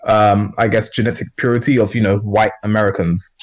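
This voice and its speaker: A man's voice: lowish voice, little pitch movement, a little fast. A man co-hosting a casual podcast discussion, talking in a rambling way with many fillers and restarts. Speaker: podcast co-host.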